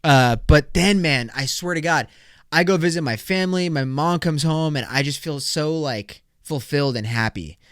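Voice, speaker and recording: A young man in his twenties hosting a solo podcast, rambling, profane and high energy. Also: moderate pace, fairly bright tone, no room sound, studio quality. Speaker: podcast host.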